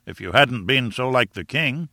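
Homem fazendo aristocrata cordial, enérgico, tom de comando, gravação seca. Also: male voice, medium pitch, expressive, vocal fry, sharp tone, no room sound, studio quality. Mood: hearty. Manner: brisk, hearty, commanding. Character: brisk hearty aristocratic man, adventurer.

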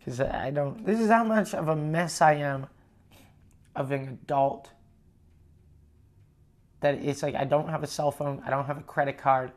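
A man hosts his own podcast, spinning a story from the road in a casual, swearing style. He quotes the people he talked to as he goes, shifting between plain narration and animated bits of dialogue. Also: on the high side, unhurried, pauses often. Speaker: touring comedian and podcast host.

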